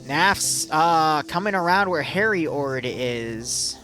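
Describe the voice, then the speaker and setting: High-voiced excitable male game commentator. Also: faint music behind. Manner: fast, excitable play-by-play with many fillers. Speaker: match commentator.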